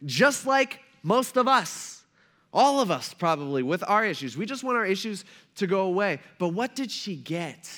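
A man preaching a sermon as a pastor, speaking in a relaxed, slangy way and acting out the characters of the story in everyday talk. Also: high voice, a little fast. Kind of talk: casual conversational sermon.

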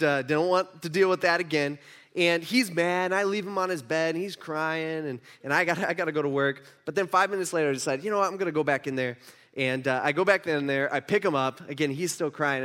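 High-pitched animated preacher man. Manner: animated storyteller, swings from hushed asides to emphatic outbursts. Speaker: pastor. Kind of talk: sermon with personal story.

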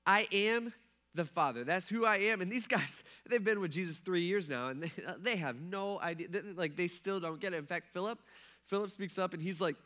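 Man, young pastor, casual sermon, animated, bright forceful voice. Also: high voice, brisk. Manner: animated, acts out quoted dialogue, laughs often.

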